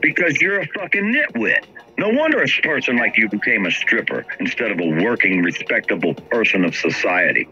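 A man rants at a caller in a sharp, tense voice that leaps up and down in pitch, hurling insults and swearing hard. His voice comes through dull, lo-fi stream audio with faint music underneath. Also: very animated, a little fast. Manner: combative, profane, insulting. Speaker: livestream host. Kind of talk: heated call-in argument.

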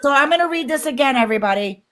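A woman's voice: high voice, animated, very fast, a bit bright. A woman co-hosting a casual livestream, reading viewer comments aloud in an indignant tone. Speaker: livestream co-host. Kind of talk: casual live-stream chat.

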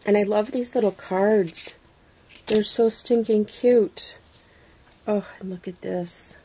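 A woman talking casually to her camera at home, gushing with excitement, exclaiming and gasping, with soft breathy asides. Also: mid-range voice, slow pace, slight background noise. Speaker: craft vlogger. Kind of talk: casual unboxing chat to camera.

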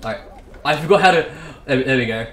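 A man giving excitable, casual commentary as he plays a game, swearing and talking to himself. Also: medium pitch, quick pace. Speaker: gaming YouTuber. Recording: echoey room with faint background hiss.

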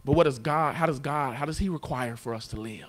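A male pastor preaching a sermon, telling a story and calling out to the congregation, moving between quiet and loud. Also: mid-range voice, fairly quick. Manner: call-and-response preaching, storytelling, swings from soft to loud.

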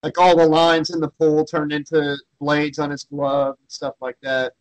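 A man's voice: fairly high pitch, flat delivery, normal speed, rough recording. Chatty man sharing movie trivia. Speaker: riff commentary co-host. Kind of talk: casual riffing movie commentary.

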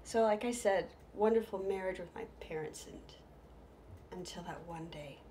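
A middle-aged woman telling humorous stories, lively, with hushed whispered asides. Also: fairly low pitch, normal speed, slight background noise. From United States. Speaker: storyteller. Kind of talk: humorous stage storytelling.

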